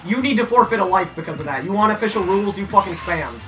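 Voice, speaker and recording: A young man trash-talking and swearing loudly in casual gaming banter. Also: sits high, animated, fast, music in the background. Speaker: gamer.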